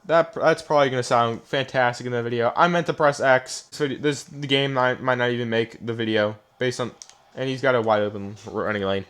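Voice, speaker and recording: A young gaming YouTuber gives live commentary over his football video game on a desk mic, his mid-pitched voice casual, smooth, steady in tone and a little fast. Frustrated, he rants and complains a lot, swinging between low muttering and loud yelling.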